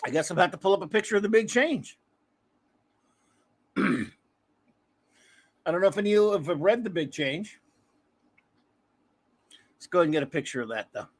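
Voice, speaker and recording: A man's voice: high-pitched, animated, normal speed, pauses often. A man hosting a casual comics livestream, talking in a rambling, self-deprecating way with many restarts. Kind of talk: casual chat.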